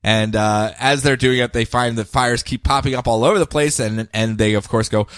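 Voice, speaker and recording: A man on a casual comics podcast recapping issues with lots of energy and laughter. His pitch sits mid-range and the sound is close and dry. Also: moderate pace, hardly any pauses, clean tone, dry recording. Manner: animated, acts out scenes and laughs often. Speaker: podcast co-host.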